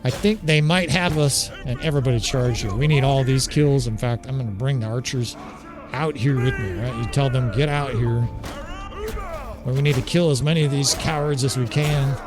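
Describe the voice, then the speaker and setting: A man's voice: mid-range voice, a little fast. A man casually commentating his strategy game as he plays, swearing and laughing often and tagging his points with "right?". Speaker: gameplay commentator. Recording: game music playing loudly behind. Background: game soundtrack music.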